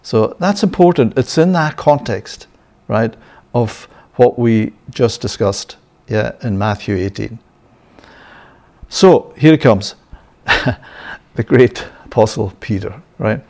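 A man's voice: mid-range voice, animated, a little slow, gravelly, a little mellow. A man giving a sermon-style Bible lesson, often checking in with "yeah?" and "right?" and chuckling. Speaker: Bible teacher.

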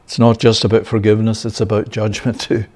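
A man's voice: lowish voice, monotone, fairly quick, darkish tone. A man giving a sermon-style Bible lesson, often checking in with "yeah?" and "right?" and chuckling. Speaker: Bible teacher.

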